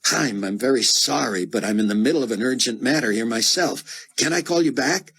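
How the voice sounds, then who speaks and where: A man's voice: medium pitch, a little fast, gravelly, fairly bright tone, breathy edge, voice pushed up. A man voicing a harried young male journalist who talks tersely and impatiently.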